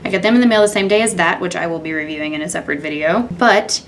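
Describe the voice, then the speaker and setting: Speaking very fast in a lowish voice, a young beauty vlogger walks through her makeup step by step, candid and offhand in this casual tutorial and review. A little hiss or hum runs under the recording.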